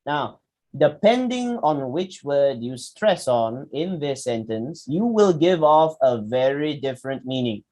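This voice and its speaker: A man's voice: medium pitch, very animated, unhurried, mellow. A man giving a public speaking workshop, demonstrating with his voice and asking the audience questions. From Malaysia. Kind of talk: workshop lecture.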